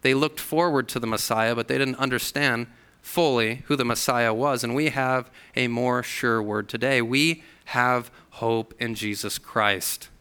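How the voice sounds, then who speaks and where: A man's voice: medium pitch, fairly even intonation, a little slow, bright, forceful tone, clean tone. A man preaching a sermon in a church, earnest, acting out the voices he quotes. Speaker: pastor. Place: church hall.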